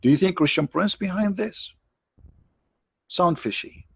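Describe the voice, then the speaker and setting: A man with non-native English phrasing hosting a livestream, mocking his subject with rhetorical questions, his voice tired and his throat often cleared. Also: high-pitched, a little slow. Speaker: livestream host. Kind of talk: mocking debate commentary.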